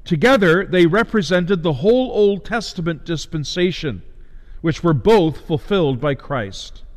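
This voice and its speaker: A man delivering a sermon as a preacher, measured, with emphatic rises and slowed stresses. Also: fairly high pitch, lively intonation, long reverb tail.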